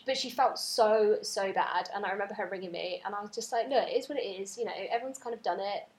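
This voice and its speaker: A woman's voice: medium pitch, fast talker. A young woman co-hosting a podcast, telling stories in an easygoing, casual way and laughing along. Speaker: podcast co-host. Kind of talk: casual chat. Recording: echoey room.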